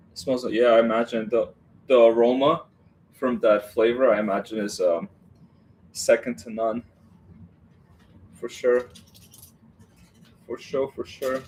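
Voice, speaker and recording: A chatty man hosting a casual live stream, rambling between thoughts and laughing at himself as he goes. His voice sits at an ordinary middle pitch, with a faint hiss of background noise under it. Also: darkish tone. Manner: greets viewers by name. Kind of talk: casual live-stream chat while building.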